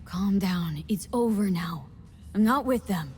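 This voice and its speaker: An actress playing a tough, wry mercenary who talks in a blunt, clipped, sardonic way, in game dialogue. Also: female voice, mid-range voice, expressive, unhurried, a little mellow, lightly acted. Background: music.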